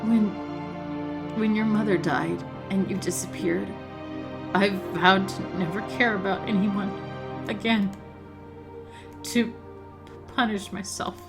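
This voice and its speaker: A woman voicing a dying older male knight, speaking weakly and tenderly in halting phrases over faint music. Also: mid-range voice, fairly even intonation, pitched below the performer's own voice.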